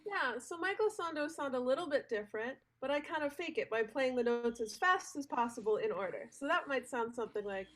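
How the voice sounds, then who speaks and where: A woman musician explaining music to children in a friendly, clear, teacherly way. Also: high-pitched, animated, brisk, hardly any pauses, fairly bright tone, a little hiss or hum, poor audio.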